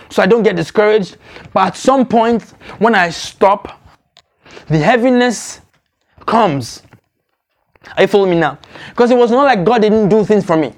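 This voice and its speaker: A man preaching a sermon, repeating phrases and often asking the congregation whether they are following him. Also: high-pitched. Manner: repetitive, exhorting, asks congregation to follow along. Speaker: pastor.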